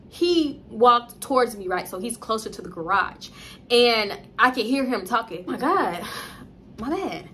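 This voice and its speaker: Young woman, bright high-ish voice, cussing and acting out voices as she tells a story. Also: a little slow, a little hiss or hum. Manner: animated, profane, acts out voices. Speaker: storytime vlogger. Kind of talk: casual storytelling.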